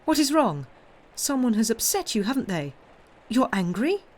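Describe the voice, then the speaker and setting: Woman doing a high, anxious young woman, pleading questions, storybook reading. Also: lively intonation, normal speed, a little mellow, natural voice.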